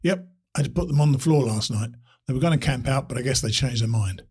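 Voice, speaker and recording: A man's voice: mid-range voice, fast talker, a little mellow, slightly rough. A man doing a mumbling laid-back hostel keeper. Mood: easygoing. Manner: mumbling, easygoing.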